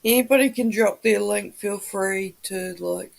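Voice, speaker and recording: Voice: medium pitch, measured pace, vocal fry. A livestream host in a just-woken-up morning voice, chatting casually with viewers and greeting them by name.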